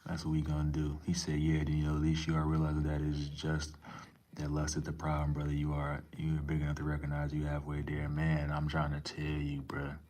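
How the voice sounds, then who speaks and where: A man's voice: a bass voice, monotone, brisk, a little mellow. A young man live streaming, talking casually and reading chat aloud, laid-back and profane with lots of slang.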